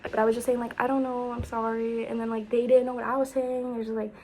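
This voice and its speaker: A young woman telling a rambling storytime vlog, full of fillers, jumping between loud exclaims and whispers. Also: a little high, flat delivery, fast, slight background noise, low-quality recording. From United States. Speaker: vlogger.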